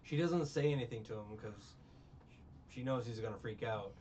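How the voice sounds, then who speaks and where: A man's voice: mid-range voice, normal speed, darkish tone. A man in casual chat recapping a film, rambling with restarts and incredulous rants. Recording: lo-fi with faint hiss.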